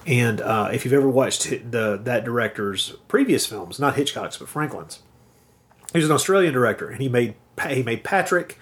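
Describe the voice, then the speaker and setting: A man co-hosting a film podcast, talking in a rambling, halting way with many restarts. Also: mid-range voice, animated. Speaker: podcast co-host. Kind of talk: casual chat.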